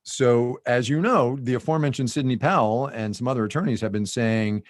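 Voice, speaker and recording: A man co-hosting a podcast in casual chat. He agrees quickly and puts on mock-dramatic voices when he quotes people. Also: medium pitch, lively intonation, no room sound, clean studio sound. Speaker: podcast co-host.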